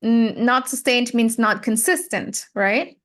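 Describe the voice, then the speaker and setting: A woman's voice: on the high side, a bit bright. Patient woman pronunciation tutor. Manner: patient, explanatory, models words and sentences slowly. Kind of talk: giving spoken feedback in a one-on-one lesson.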